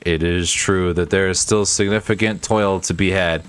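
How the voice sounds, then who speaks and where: A quiet, gloomy young scholar who speaks in formal, carefully measured sentences, as a man voices him on stream. The voice drops noticeably lower than a normal speaking voice. It stays level and restrained throughout. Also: fairly even intonation, lightly acted. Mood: solemn. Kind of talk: reading game dialogue aloud on a live stream.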